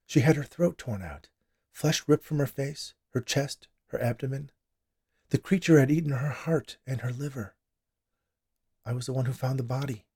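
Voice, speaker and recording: Man voicing a calm eerie nurse woman, soft and steady, husky. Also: mid-range voice, moderate pace, pitched above the performer's own voice. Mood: grim. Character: calm, eerie female nurse, matter-of-fact.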